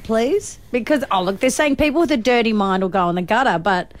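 A woman co-hosting a radio show, teasing and expressive in banter. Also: medium pitch, fast. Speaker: radio co-host.

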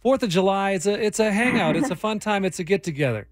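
Male co-host, high voice, faint music behind, wry. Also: expressive, quick pace. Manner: wry, mock-formal, apologetic. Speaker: radio co-host. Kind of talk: casual morning radio chat.

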